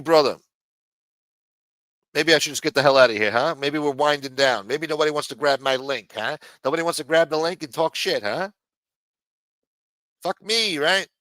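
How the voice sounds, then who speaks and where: A man's voice: medium pitch, sharp tone, dry recording. A man with a New Jersey accent hosting a casual livestream, reading the chat aloud in rambling, profane street talk. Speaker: livestream host.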